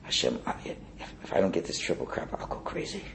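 A man playing an anxious pious farmer who is panicking, speaking in a shaky, stammering hush. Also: low-pitched, steady tone, racing, gravelly, a little hiss or hum. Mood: panicky.

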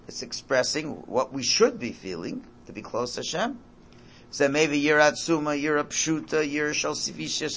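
Man, Torah teacher, slightly high voice, emphatic, repetitive, informal class. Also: gravelly, fairly bright tone. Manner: emphatic, repeats phrases, mixes in Hebrew and Yiddish terms.

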